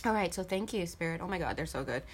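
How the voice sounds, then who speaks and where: A woman's voice: lowish voice, expressive, quick pace, slight background noise. Chatty woman tarot reader. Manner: chatty, laughs often, addresses viewers as guys. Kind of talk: casual channeled tarot reading.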